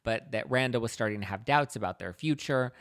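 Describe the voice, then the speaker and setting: A man's voice: medium pitch, a little fast, a bit bright, no room sound, clean studio sound. A man hosting a gossipy book recap, talking in a catty, sarcastic, chatty way. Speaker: host.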